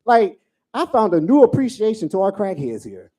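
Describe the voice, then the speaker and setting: A man in his forties doing a profane stand-up comedy set, telling stories with animated asides. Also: high voice, moderate pace. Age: 40s.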